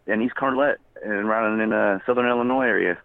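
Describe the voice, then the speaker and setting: A man's voice: on the low side, vocal fry. A man telling a long story as a guest, rambling and often laughing. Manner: rambling, laughing, quick quoted voices. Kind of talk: casual storytelling. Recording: tinny phone line.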